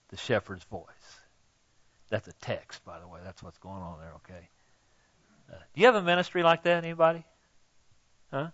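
A man's voice: fairly low pitch, highs cut off. An older man preaching a sermon in a folksy, conversational way, speaking directly to the congregation. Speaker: pastor.

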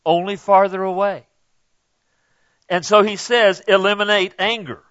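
A middle-aged male pastor preaches in a high voice, taking his time and tossing in "okay?" to keep the congregation with him. The sound is dry and close, with no room around it. The recording is dull and lo-fi. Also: little pitch movement, measured pace, a bit bright, dry recording. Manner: conversational preaching, punctuated with "okay?". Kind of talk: sermon.

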